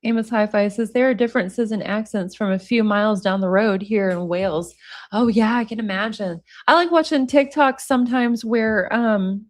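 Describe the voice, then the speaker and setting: Reading out viewer comments and wandering off on tangents between them, this American livestreamer keeps things casual. Her voice is mid-range with a moderate pace, and she uses "y'all" and describes herself as a hillbilly.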